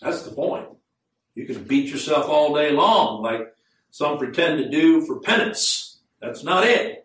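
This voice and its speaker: A man preaching a sermon in an earnest voice that climbs into fervent emphasis. He slows right down to read scripture aloud. The recording is roomy and echoing, with the speaker standing well back from the microphone, as in a church sanctuary. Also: on the high side, lively intonation, fairly bright tone. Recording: echoey room, mic at a distance.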